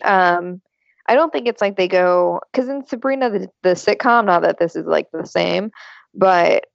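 A woman's voice: lowish voice, normal speed, gravelly, dry recording, highs cut off. A woman co-hosting a podcast in casual, chatty talk with plenty of fillers. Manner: chatty, lots of fillers, laughs often. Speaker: podcast co-host. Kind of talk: casual chat.

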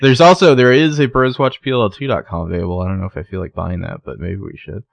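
A man co-hosting a casual podcast, retelling scenes in an animated way and acting out the characters' lines. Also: on the low side, fast, creaky, no room sound. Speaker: podcast co-host recapping a TV episode. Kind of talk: casual chat.

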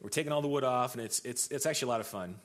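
A man's voice: medium pitch, very fast. A young adult man preaching a sermon as pastor, telling stories in a casual way with many restarts and repeated words.

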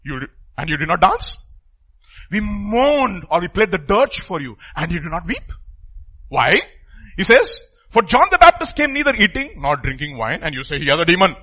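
Animated, bright-voiced preaching man. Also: sits high, normal speed, husky. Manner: emphatic preaching, voice swinging from loud to hushed. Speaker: pastor. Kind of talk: sermon.

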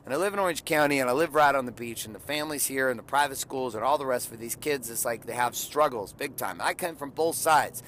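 A man's voice: mid-range voice, fast, few pauses, fairly bright tone, slight background noise. Blunt profane man telling a parenting story. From California. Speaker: father and podcaster. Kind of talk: blunt motivational monologue.

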